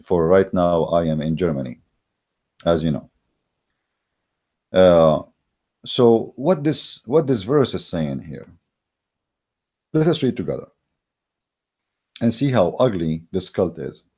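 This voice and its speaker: A man's voice: deep voice, very animated, takes it slowly, long pauses, darkish tone, slightly rough. A man hosting his channel with a religious debate monologue, speaking in an emphatic, mocking way with frequent hesitations. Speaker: channel host. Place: Germany.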